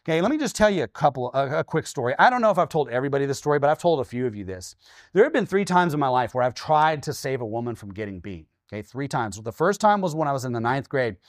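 A pastor in his forties from Washington state preaching a sermon, telling stories with lively, acted-out quotes and often checking in with "okay?". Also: mid-range voice, quick pace, dry recording, studio quality. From Washington state, USA. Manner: animated storytelling, acting out his own quoted lines.

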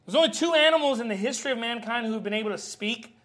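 A man preaching a sermon as pastor, animated and joking, acting out scenes from the Bible. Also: very high-pitched, racing.

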